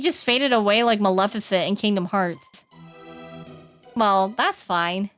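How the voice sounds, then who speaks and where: A young woman streams a game with background game music, giggling, singing along, and chatting casually in let's-play style. Her mid-range voice is unhurried and fairly bright, with no echo.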